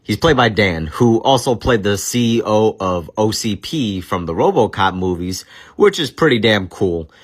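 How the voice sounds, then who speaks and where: A man's voice: fairly low pitch, lively intonation, moderate pace, slightly rough. A man hosting a casual film review, joking crudely and swearing often. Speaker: movie review host. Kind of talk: casual profane film commentary.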